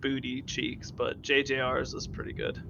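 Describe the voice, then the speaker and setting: A man joins in a tabletop game, joking around in a laid-back way. His voice has a gravelly rasp at an everyday pitch. It comes through a dull, lo-fi microphone. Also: monotone, normal speed, background noise. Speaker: player. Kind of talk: casual game chat.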